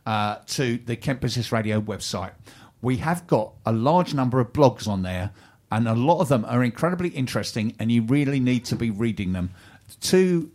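A chatty man hosts a local radio show from the studio, rattling through listings with plenty of ums and cheerful asides. His voice sits at an everyday middle pitch. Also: a little mellow. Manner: chatty, upbeat, frequent ums and restarts. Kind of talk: casual radio chat and station announcements.

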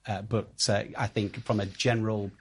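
A man with a Yorkshire accent and a lowish, slightly rough voice speaks at normal speed with little pitch movement. He's a guest in a radio interview about online security, and he talks hesitantly, with lots of ums and uhs.

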